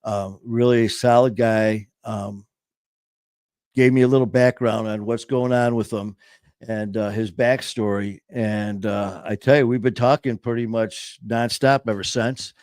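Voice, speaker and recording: A man's voice: fairly low pitch, steady tone, measured pace, darkish tone, clear, resonant tone, no room sound, studio quality. Rambling upbeat man hosting a podcast. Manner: rambling, self-interrupting, upbeat. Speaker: podcast host. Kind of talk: casual chat.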